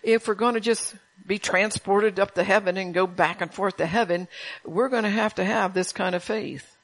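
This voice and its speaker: A woman's voice: mid-range voice, steady tone, normal speed, poor audio. A woman preaching a sermon to a congregation, folksy and chatty, with laughing asides and call-outs to the room.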